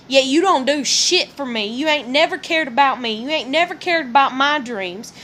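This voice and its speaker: A woman's voice: sits high, fairly bright tone. A middle-aged mother venting in a blunt, profane rant, often acting out both sides of an argument. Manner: blunt, profane, heated, quotes others in dialogue. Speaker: parent venting about relationships. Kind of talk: casual vlog rant.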